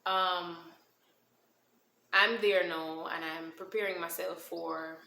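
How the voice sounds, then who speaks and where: A woman tells her own story to camera in a lively, conversational way and drifts into patois as she goes. Her voice sits on the low side but has a bright, forceful edge. The recording picks up a roomy echo and a faint hum of ambience behind her. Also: slow, gravelly. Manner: animated, switches into Caribbean-style patois when emotional. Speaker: vlogger telling a personal story. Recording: echoey room with faint ambience.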